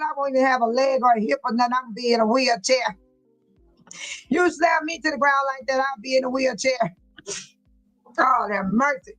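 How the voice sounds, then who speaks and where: A woman with a high voice hosts a casual livestream and reads out viewer chat. She talks in an emphatic, preachy way, repeats her points and laughs often. Soft music plays faintly behind her. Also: poor audio.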